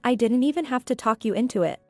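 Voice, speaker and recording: A woman voicing a cold, smug male company boss who talks in a coolly taunting, measured way. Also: fairly high pitch, lively intonation, a little mellow, no room sound, faint music behind, close to an everyday voice. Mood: mocking.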